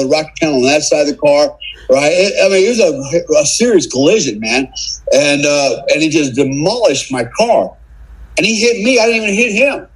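Recorded at low quality, a middle-aged man from the United States guests on a podcast and tells a loose, profane story, ending lines with "man" and "right?". His voice is fairly high and husky.

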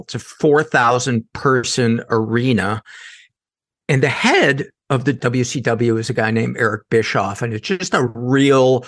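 A man, a guest comedian, telling a wry, animated story in casual talk. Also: medium pitch.

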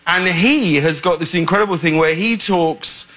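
A British man talking as an actor guest in a casual TV interview, halting with many fillers and self-mocking. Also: fairly high pitch, bright, forceful tone. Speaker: talk show guest, actor. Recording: played TV clip.

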